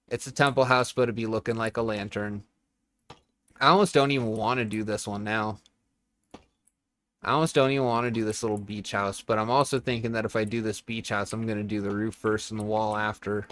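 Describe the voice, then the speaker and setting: A man's voice: lowish voice, fairly bright tone. A young man streaming a building game from home, blunt and rambling, swearing a lot and talking to his chat and his cat on a desk microphone. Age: young adult. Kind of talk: casual livestream chat while gaming.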